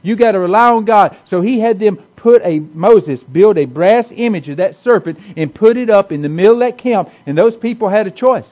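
High-voiced man preaching folksy. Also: expressive, normal speed, few pauses, muffled recording. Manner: folksy, repetitive, conversational preaching with many restarts. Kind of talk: sermon. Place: church hall with a congregation.

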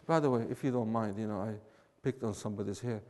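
A man, teaching a class in an emphatic, animated way and repeating his points. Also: on the low side, fast, big-room sound. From Syria. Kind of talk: classroom lecture with banter.

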